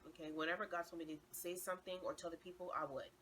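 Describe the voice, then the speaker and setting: Earnest low-voiced young woman testifying. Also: steady tone, fast, a bit bright, a little hiss or hum, low-quality recording. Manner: earnest, heartfelt, repeats phrases for emphasis. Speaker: vlogger sharing her testimony. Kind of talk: personal faith testimony.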